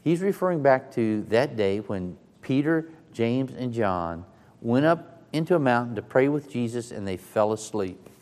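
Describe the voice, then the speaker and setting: A man's voice: mid-range voice, animated, measured pace, a little mellow. A man preaching a sermon in a dramatic, emphatic way, sometimes speaking in the first person of the scripture he retells. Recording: long reverb of a large hall.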